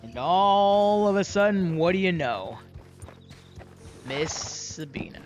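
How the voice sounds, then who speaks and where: A man's voice: high voice, expressive, takes it slowly, faint music behind. A young man casually telling a roleplay story in a folksy, rambling way with many fillers and restarts.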